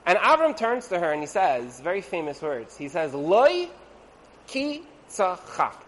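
High-voiced man teaching a casual Torah class. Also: very animated, fairly quick, a bit bright. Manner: conversational, asks rhetorical "right?", acts out quoted voices. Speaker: lecturer on Torah and marriage.

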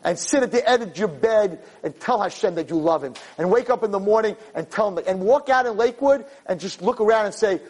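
A man lecturing as a rabbi in a Torah class, moving from quiet talk to loud, impassioned preaching before an audience. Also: high voice, animated, a little fast, hardly any pauses, low-quality recording.

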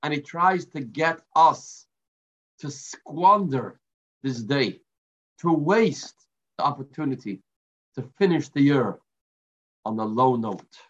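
A man giving a Torah class sermon, telling a story with dramatic pauses and Hebrew and Yiddish terms. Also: mid-range voice, expressive. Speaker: rabbi. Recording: lo-fi muffled recording.

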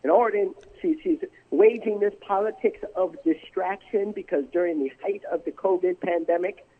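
A man's voice: high voice, moderate pace. A man, a congressman, guest on a radio interview, pressing political talking points and restarting his sentences. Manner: combative political talking points, repeats words when starting. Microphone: telephone. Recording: tinny phone line.

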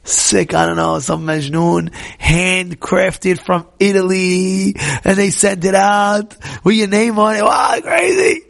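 Man teaching a casual Torah class, high gravelly voice, animated, repeats himself, quizzes the room. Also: takes it slowly. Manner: animated, repetitive, questions the audience directly. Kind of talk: informal Torah class talk to a live group.

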